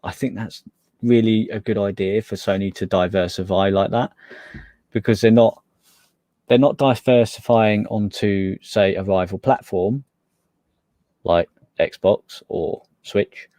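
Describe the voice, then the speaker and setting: A man's voice: on the low side, measured pace, dark tone, no echo, clean studio sound. A man co-hosting a gaming podcast, hesitant, often trailing off and restarting. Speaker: podcast co-host. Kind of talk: casual chat.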